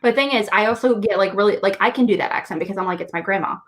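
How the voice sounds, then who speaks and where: A woman's voice: mid-range voice, rapid-fire, a little hiss or hum. A woman co-hosting a casual chat, rambling with many fillers. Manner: rambling, lots of fillers and laughs. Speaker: co-host.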